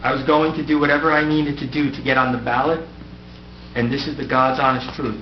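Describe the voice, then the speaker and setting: A brisk, medium-pitched male voice with little variation in pitch belongs to a middle-aged outgoing mayor. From the council dais he delivers a prepared send-off speech, gently mocking himself with wry humor. The audio comes from a room and sounds dull, echoey and noisy.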